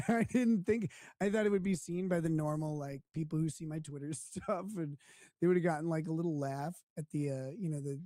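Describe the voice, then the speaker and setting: A man's voice: fairly high pitch, fairly even intonation, brisk, dark tone, no room sound. A man hosting a live stream, chatting casually with a crude, mocking manner and frequent laughter. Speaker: streamer host.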